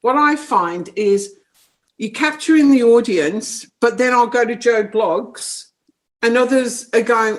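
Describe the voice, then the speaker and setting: A woman's voice: on the high side, measured pace. A middle-aged woman, a psychic medium telling funny stories in an interview, often breaking into laughter. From New Zealand. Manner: animated, laughing anecdotes. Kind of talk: casual storytelling interview.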